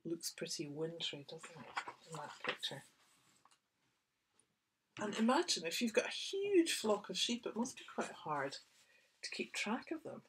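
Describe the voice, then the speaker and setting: A woman author reading a picture book aloud to small children, gently asking her young listeners questions. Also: lowish voice, very animated, measured pace, pauses often, background noise.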